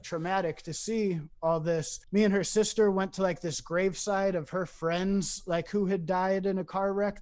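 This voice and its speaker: High-voiced man telling a rough story. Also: darkish tone. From East Saint Louis. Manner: loose, profane, many fillers, acts out quotes. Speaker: podcast guest. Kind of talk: casual storytelling.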